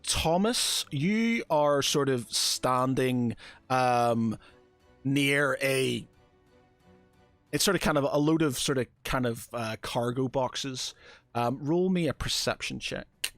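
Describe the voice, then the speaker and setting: A man's voice: medium pitch, takes it slowly, a bit bright, no room sound, faint music behind. A man narrating a tabletop game as game master, hesitant and filling his talk with "sort of kinda".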